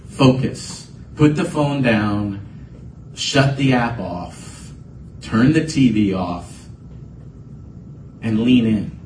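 A man's voice: medium pitch, very slow, long pauses, a little mellow, a little hiss or hum. A man preaching a conversational sermon as a pastor, building to emphatic bursts. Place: church sanctuary. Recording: echoey room, voice from a distance, faint ambience.

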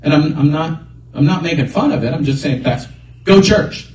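Man, pastor, sermon, animated exhortations, distant from the mic, echoey sanctuary. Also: a little high, a little fast, slight background noise.

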